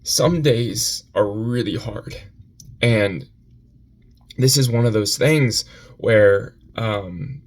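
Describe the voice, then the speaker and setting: A man giving a confessional vlog on his phone, upset and near tears, speaking haltingly and repeating himself between sighs. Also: medium pitch. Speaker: vlogger.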